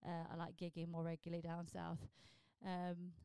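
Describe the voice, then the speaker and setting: A woman's voice: fairly low pitch, completely flat delivery, normal speed, mellow, smooth, no echo. Blunt, sweary woman comic in her forties. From southern England. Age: 40s. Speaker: stand-up comedian and podcast host. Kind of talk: casual solo podcast monologue.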